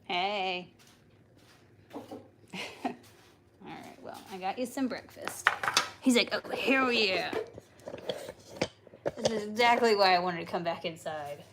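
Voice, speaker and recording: A woman hosts a relaxed livestream at an unhurried pace, chatting, joking and coaxing her animals. Her voice sits at a middling pitch. Loud frying and sizzling fill her home kitchen. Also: very noisy. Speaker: livestream host. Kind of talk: casual livestream chat.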